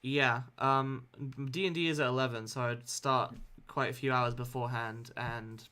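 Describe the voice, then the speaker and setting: Bright-voiced man hosting a game stream. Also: mid-range voice, steady tone, moderate pace, smooth. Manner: chatty, laughs often. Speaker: streamer host. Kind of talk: casual chat on a game stream.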